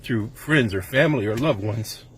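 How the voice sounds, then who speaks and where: Middle aged guy vlogging, lowish voice, earnest and rambly, trying not to cry, faint background hiss. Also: moderate pace, a bit bright. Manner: earnest, rambling, on the verge of tears. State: emotional, holding back tears. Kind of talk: personal emotional vlog. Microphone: camera mic.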